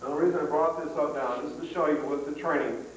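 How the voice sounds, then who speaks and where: A man's voice: on the high side, fast talker, slight background noise. A man leading a dog training seminar, talking in a plain, folksy way with frequent restarts. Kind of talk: live seminar talk. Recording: echoey hall, far from mic, 1990s tape.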